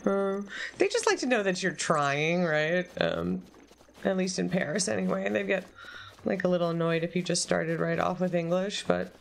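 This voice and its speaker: A woman's voice: fairly low pitch, lively intonation, normal speed, creaky, a little hiss or hum. Chatty woman rambling on a game stream. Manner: chatty and rambling, with frequent ums and casual swearing. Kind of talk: casual chat during a live game stream.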